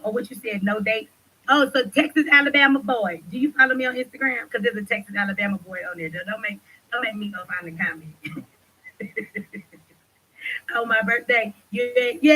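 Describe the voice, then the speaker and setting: Woman on her livestream going off, loud and passionate, sharp bright voice. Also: on the high side, low-quality recording. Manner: loud, passionate, profane ranting. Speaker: livestream host. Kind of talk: livestream commentary.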